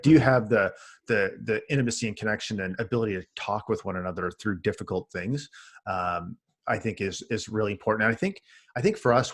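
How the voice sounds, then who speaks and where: A man, a husky voice, chatting casually as a podcast co-host and telling an animated, swearing story. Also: fairly low pitch. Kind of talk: casual chat among friends.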